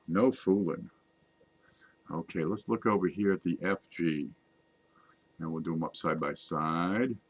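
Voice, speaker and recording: Brief: low-pitched man, relaxed hobby host, chatty and joking at himself. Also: a little slow, long pauses, slightly rough. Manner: chatty, self-mocking, talks to viewers while zooming in on images. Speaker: coin collecting video host. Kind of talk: casual screen-share show-and-tell.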